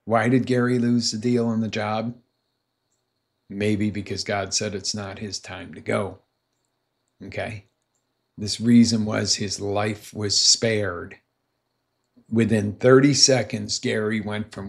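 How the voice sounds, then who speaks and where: A man's voice: lowish voice, steady tone, slow, vocal fry, long pauses. A man speaking as a life coach, giving an emphatic motivational talk and telling a story to his audience.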